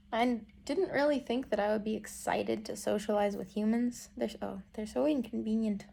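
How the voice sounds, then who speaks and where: A woman's voice: fairly high pitch, fairly even intonation, normal speed, gravelly, hardly any pauses, warm tone. A young woman vlogging casually from a hotel room, chatty and self-mocking, with many fillers. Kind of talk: casual vlog chat.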